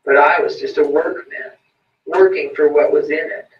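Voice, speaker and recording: A man's voice: a little high, moderate pace, lightly acted. A man voicing a bitter, self-pitying blind male peddler in a read-aloud story, whining and pleading. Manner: whining, pleading, rising to frantic cries. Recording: roomy, distant, muffled recording.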